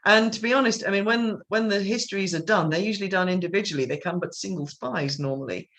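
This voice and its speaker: A woman's voice: mid-range voice, fast, fairly bright tone. A woman directing a theatre company, chatting casually over a video call and often restarting her sentences. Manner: rambling, chatty, with many restarts and laughs. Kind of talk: casual chat.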